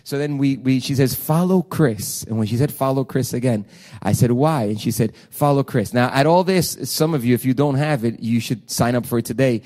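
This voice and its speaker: A middle-aged man, a pastor, telling a personal story in a sermon, animated and swinging from hushed asides to near-shouting. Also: mid-range voice, brisk.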